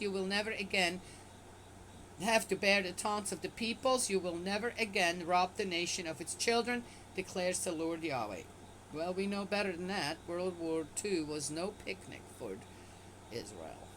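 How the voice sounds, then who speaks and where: Reading from the Bible, a woman pauses frequently to offer offhand, skeptical remarks. She sounds animated, with a medium pitch, normal speed, and fairly bright tone, and the rough recording has a little hiss or hum.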